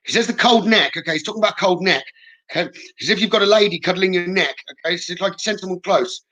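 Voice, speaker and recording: Brisk, bright-voiced man giving readings. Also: sits high, poor audio. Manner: reassuring, frequent "okay?" check-ins, relays messages. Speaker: psychic medium. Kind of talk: live-streamed spirit reading.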